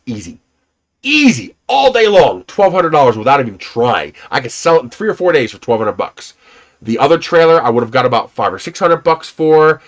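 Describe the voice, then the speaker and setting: A man's voice: medium pitch, a bit bright. Rambling, laid-back man telling stories. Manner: rambling storyteller, laughs often, swears casually. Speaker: livestream host. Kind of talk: casual rambling livestream chat.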